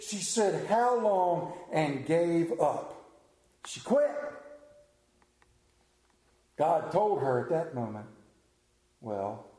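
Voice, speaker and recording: A man delivers a sermon as a lively storyteller, building up and then pulling back into soft, hushed lines. His voice sits a little high and sounds warm and mellow. The sound rings around a roomy, echoey space. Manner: animated storytelling, drops to a hushed voice for emphasis. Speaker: preacher.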